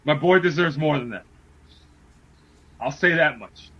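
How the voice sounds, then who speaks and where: A man co-hosting a casual podcast, making wrestling predictions and talking in excited, emphatic bursts that repeat words. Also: on the high side, measured pace, dull audio. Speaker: podcast co-host.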